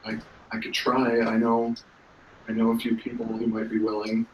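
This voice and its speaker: A man voicing a wary female prisoner who is a psychologist, answering in halting, unsure replies. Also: on the low side, monotone, muffled recording, slight background noise, lightly acted. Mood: hesitant. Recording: roomy, distant mic.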